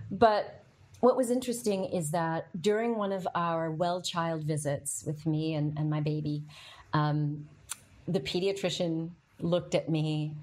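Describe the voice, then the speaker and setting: A woman's voice: sits low, darkish tone. A middle-aged woman hosting a podcast, telling a personal story in a candid, emotional way, with frequent fillers and to a live audience. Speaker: podcast host.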